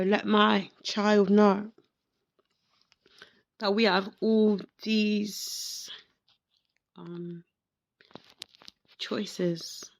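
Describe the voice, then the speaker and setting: A woman hosting a podcast, talking slowly and reflectively in an emotional personal monologue, close to tears and repeating herself as she searches for words. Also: mid-range voice. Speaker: podcast host.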